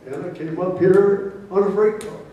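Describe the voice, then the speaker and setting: A man's voice: sits high, fairly even intonation, normal speed, narrow, tinny audio, close to an everyday voice. A man playing an easygoing, plainspoken older male hobo, speaking unhurriedly in a roomy hall heard from a distance. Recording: roomy hall, mic from far off.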